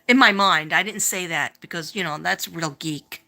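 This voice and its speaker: Middle-aged New York woman, rambling livestream host, bright voice. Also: fairly low pitch, normal speed, gravelly, few pauses. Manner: rambling, chatty, greets viewers by name. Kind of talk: casual livestream chat.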